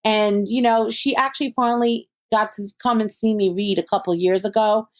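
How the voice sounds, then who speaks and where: A woman talks as a guest on a podcast. She tells stories in an animated way, slipping into her friends' voices, then settles into calm advice. Her pitch sits in a middle range. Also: moderate pace. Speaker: psychic medium guest. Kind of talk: conversational interview.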